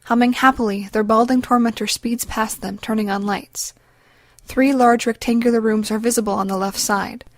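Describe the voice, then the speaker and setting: A woman's voice: on the high side, no echo. Woman narrating an audiobook. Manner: measured, even storytelling.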